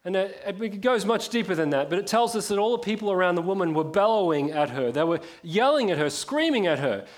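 A man preaching a sermon, impassioned, dropping to a hush and then rising to emphatic force. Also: high voice, animated, brisk, few pauses. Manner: impassioned, swings from hushed to emphatic.

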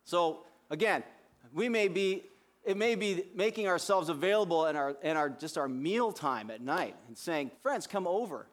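A man's voice: a little high, lively intonation, normal speed. A man preaching a sermon as pastor, speaking conversationally with frequent restarts.

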